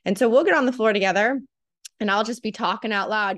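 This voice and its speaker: A woman's voice: mid-range voice, brisk, fairly bright tone, no echo, studio quality. A woman in her thirties, a parenting program co-founder, talking earnestly in a casual podcast conversation and acting out the voices she quotes.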